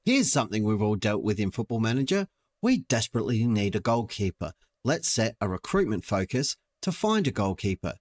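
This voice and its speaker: A man's voice: on the low side, very animated, a little fast. A young man giving playful, joking let's-play commentary as a gaming channel host. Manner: playful, jokey, talks to the screen.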